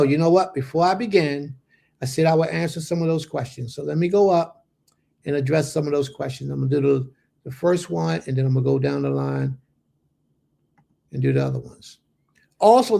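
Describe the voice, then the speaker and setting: A man teaches scripture in a relaxed, conversational way and keeps addressing his listeners directly. His voice is gravelly with plenty of fry. It sits a little higher than most men's. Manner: conversational, talks to viewers directly; informal, slangy phrasing. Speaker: Bible teacher. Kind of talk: casual livestream Bible lesson.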